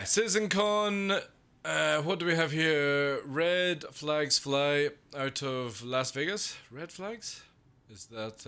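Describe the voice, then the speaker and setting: Reading out his stream chat, this young UK man laughs, swears and wanders from point to point. He speaks in a mid-range voice that comes across clean and sharp.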